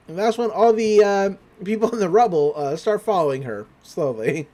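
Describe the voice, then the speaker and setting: A man's voice: high-pitched, moderate pace, few pauses, warm tone. A young man on a podcast, casually recapping an anime episode with loose paraphrased quotes and lots of fillers. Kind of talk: casual chat.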